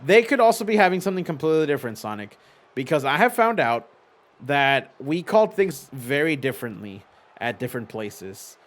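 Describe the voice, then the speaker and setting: A little high and sing-song, this man's voice moves slightly fast as he hosts a casual simulated wrestling league livestream from his home green screen. An adult with young children, he chats with viewers, reads their messages out loud, and readily swears and laughs.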